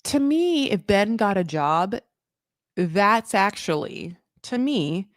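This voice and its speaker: A woman hosting a casual recap commentary, chatty and full of fillers, swearing freely and acting out quotes in high mock voices. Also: big pitch swings, takes it slowly, dry recording, clean studio sound. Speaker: recap show host.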